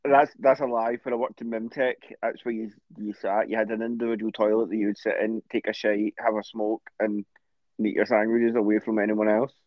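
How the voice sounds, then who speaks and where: A man's voice: fairly low pitch, little pitch movement, brisk, no echo. A man with a Greenock Scottish accent co-hosting a casual podcast chat, blunt and full of anecdotes. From Scotland. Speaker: co-host. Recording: dull lo-fi dry recording.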